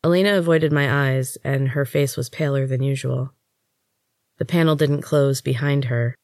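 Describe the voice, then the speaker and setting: Lady reading her own book chapter, steady pace, dead dry mic, no room sound. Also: a bass voice, no echo. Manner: steady, measured storytelling. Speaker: author and podcast host. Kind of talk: first-person audiobook narration.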